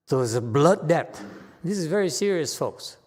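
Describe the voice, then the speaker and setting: A man with a Chinese accent giving a Buddhist Dharma talk, explaining ideas slowly and often checking with his listeners. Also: fairly high pitch, expressive, darkish tone, big-room sound. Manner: slow, conversational teaching with frequent "okay?" checks. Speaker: Buddhist meditation teacher. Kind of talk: Dharma talk with audience questions.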